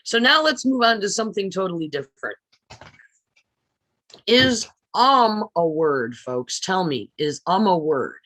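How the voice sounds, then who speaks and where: A woman teaching public speaking in a recorded lecture, stressing words deliberately and often asking her listeners questions. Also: on the low side, lively intonation, a bit bright, no room sound. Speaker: speech teacher.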